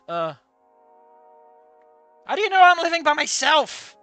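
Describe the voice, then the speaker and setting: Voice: high voice, moderate pace, pauses often, soft background music. Giggly, swearing game streamer. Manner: profane, giggly, excitable outbursts. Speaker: let's play streamer. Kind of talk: casual game commentary and reading aloud.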